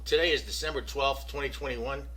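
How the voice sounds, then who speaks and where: A man's voice: medium pitch, fairly even intonation, fairly quick, bright, forceful tone, slightly rough, poor audio. An American man giving casual, opinionated political commentary, addressing viewers directly with rhetorical questions. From United States.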